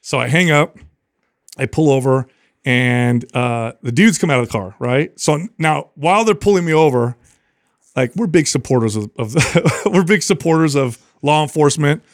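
A man co-hosting a podcast, telling a long story in a casual, animated way and acting out what people said. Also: on the high side, moderate pace, dry recording, clean studio sound. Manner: animated storyteller, acts out quotes. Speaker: podcast co-host.

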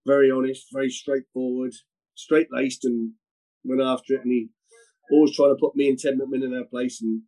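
A middle-aged man, a former footballer, telling lively anecdotes as a guest, often repeating words and slipping into quoted voices. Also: mid-range voice, low-quality recording. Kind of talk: storytelling anecdotes in conversation.

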